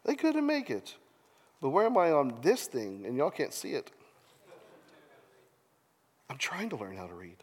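A man's voice: medium pitch, very animated, normal speed, long pauses, breathy edge. A man preaching, reading scripture aloud with playful, self-mocking asides. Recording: long reverb of a large hall.

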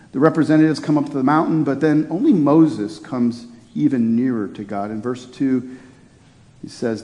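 A man's voice: fairly high pitch, mellow, in a large hall. A man preaching a sermon in a conversational way, often restarting his phrases. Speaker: pastor.

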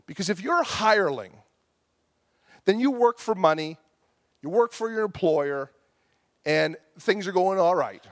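A man's voice: high-pitched, animated, unhurried, long pauses, dry recording, studio quality. A man, preaching a sermon and telling a story about himself, acting out his own angry outbursts.

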